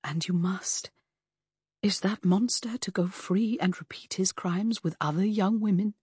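Woman voicing a sharp-tongued loyal young woman. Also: medium pitch, breathy edge, no room sound, studio quality. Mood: indignant. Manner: brisk, indignant. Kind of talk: audiobook character voice.

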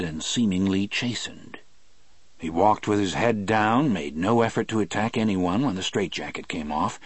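A man reading an audiobook aloud in a measured, wry storytelling manner. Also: fairly low pitch, no room sound. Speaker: narrator. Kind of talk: audiobook narration.

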